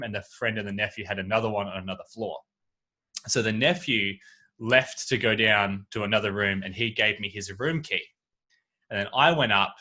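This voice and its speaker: A man spins an anecdote on a casual podcast, his voice bright and forward. He jumps into the voices of everyone in his story as he goes, and he is talking into a home video-call mic. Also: on the low side. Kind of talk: casual chat. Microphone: video call microphone.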